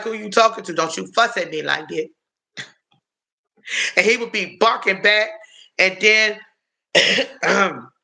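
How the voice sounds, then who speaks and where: A man chats on a live stream with a high, bright voice, answering viewers' comments as they come in. He talks unhurriedly and rambles, filling gaps with um and uh and calling his viewers y'all. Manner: halting, with frequent um and uh fillers. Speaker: livestream host answering chat. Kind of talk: casual live-stream chat.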